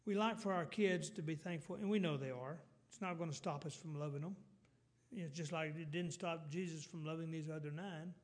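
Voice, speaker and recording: A middle-aged man, preaching a folksy sermon with halting restarts. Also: a little high.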